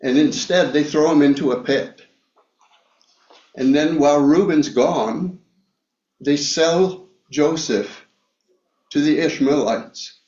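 Man preaching a bible study, real slow, lots of ums, dull echoey recording. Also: on the high side, darkish tone. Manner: slow, halting, many fillers and restarts. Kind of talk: Bible teaching sermon. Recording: echoey room, dull lo-fi sound.

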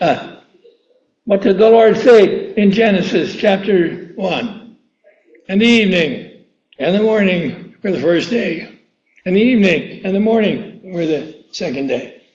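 A man with a high voice preaches a sermon at a slow, deliberate pace. He draws out each quoted verse with emphasis and keeps questioning his listeners. The sound is roomy and a little dull. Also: darkish tone.

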